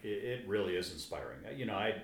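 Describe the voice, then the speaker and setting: A man talking casually as a co-host, earnest and halting, often restarting his sentences. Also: on the low side, animated. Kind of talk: casual chat. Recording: echoey room with faint ambience.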